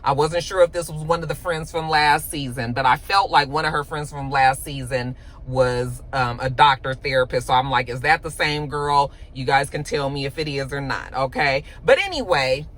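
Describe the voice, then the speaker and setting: A woman host recapping a TV episode in casual chat, animated and profane, filling her lines with "you know.". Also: low voice, normal speed, poor audio.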